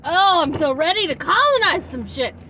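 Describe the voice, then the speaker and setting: A woman's voice: very high voice, sing-song, normal speed, sharp tone, highs cut off, a little hiss or hum, heavily acted. A woman playing a smug, entitled young woman. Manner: mock-sincere, parodic. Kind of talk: comedy skit.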